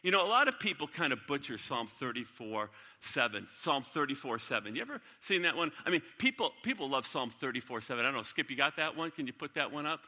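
A male pastor delivers an emphatic sermon in a church sanctuary, echoing in the long reverb of a large hall. He talks fast with hardly any pauses, his mid-range voice sing-song, pushed and bright, as he repeats key lines and asks the congregation questions.

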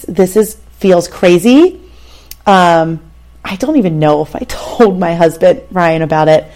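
A woman's voice: medium pitch, darkish tone. Thirty-something woman just chatting, candid, talking right to you like a friend, medium voice. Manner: candid, conversational, addresses listener directly. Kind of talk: casual storytelling monologue.

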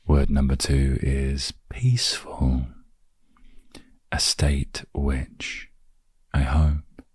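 Male podcast host, voice extremely low and breathy, slow and musing, close and dry with no room sound. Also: no echo. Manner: soft, unhurried and reflective, trailing into near-whispers. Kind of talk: calm solo podcast, reading aloud and musing.

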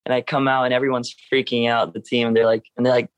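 Young man, surfer guest, casual storytelling, acts out quotes, mid pitch, dry close sound. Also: quick pace, dry recording. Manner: animated, acts out other people's lines in a raised voice.

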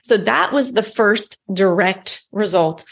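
A woman's voice: mid-range voice, slow, gravelly, breathy edge. A woman with a Texan accent, telling an enthusiastic story as a podcast guest and speaking casually with lots of "like"s. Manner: chatty and enthusiastic, many "like"s. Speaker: guest giving a testimonial.

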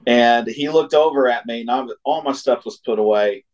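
A man in casual conversation spins a long road story with easy, middle-pitched warmth. He laughs often, leans into the punchlines and briefly acts out the voices of the people he describes. A relaxed, chatty guest sharing a favorite tale. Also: normal speed, highs cut off. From Ohio. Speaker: singer-songwriter guest.

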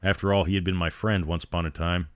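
A man narrating a scripted horror story in a steady, grim storytelling manner. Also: deep voice, quick pace, dry recording, clean studio sound.

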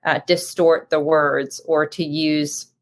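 A woman moderates a question-and-answer session, passing along audience questions. Her voice sits somewhat low for a woman. She speaks hesitantly, filling pauses with frequent ums. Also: little pitch movement. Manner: hesitant, many filler ums. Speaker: host. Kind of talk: moderating a webinar Q&A.

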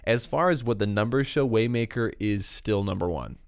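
A man's voice: lowish voice, moderate pace, clear, resonant tone, dry recording, studio quality. A man hosting a casual discussion about worship songs, chatty with frequent restarts. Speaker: worship podcast host.

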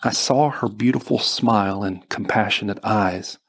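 A man narrating a first-person novel as an audiobook, slow and measured. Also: on the low side, vocal fry, fairly bright tone, slightly rough.

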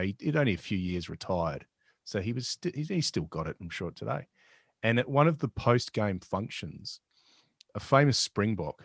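A man's voice: lowish voice, fairly bright tone, no echo, clean studio sound. A man hosting a podcast, telling a sports story casually with lots of restarts. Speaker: podcast host.

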